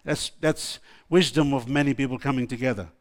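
A man's voice: medium pitch, fairly quick. A man preaching a sermon, reading Bible verses aloud and stopping to explain them, with restarts and exclamations along the way.

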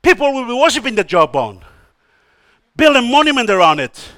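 A male preacher with a very high, bright and forceful voice, recorded close and dry with almost no room sound. He preaches emphatically and often calls out hallelujah. His delivery swings from hushed asides to loud exhortation. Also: very animated, normal speed, dry recording. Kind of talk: sermon.

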